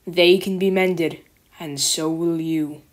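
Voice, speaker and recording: A woman voicing a stout, kindly railway boss man in a storybook reading, speaking slowly in a lowered voice. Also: fairly even intonation. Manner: slow, lowered, reassuring.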